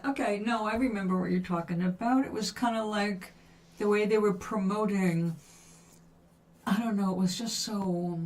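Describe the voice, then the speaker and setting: A woman's voice: mid-range voice, fairly even intonation, moderate pace. An older woman chatting casually on a livestream as she paints, musing aloud and answering viewers' questions. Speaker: livestream host. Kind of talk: casual chat while painting.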